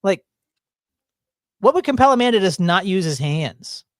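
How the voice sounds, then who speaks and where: A man co-hosting a casual reaction chat, rambling and riffing with quick asides. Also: sits high, big pitch swings, no echo, studio quality. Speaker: co-host.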